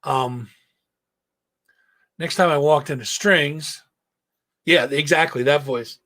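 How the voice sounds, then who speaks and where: A man with a voice pitched a bit above the usual, hoarse and rough at the edges. He hosts a casual live stream, rambling through a profane story and breaking off to answer his chat. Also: slow pace, fairly bright tone. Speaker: host.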